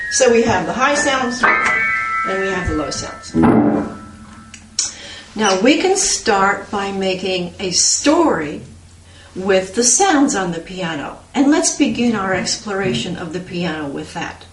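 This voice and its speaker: A woman teaching a children's piano lesson in an animated, sing-song way, copying bird and dog sounds. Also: mid-range voice, measured pace. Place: room with a piano. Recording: echoey room, mic at a distance. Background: piano playing.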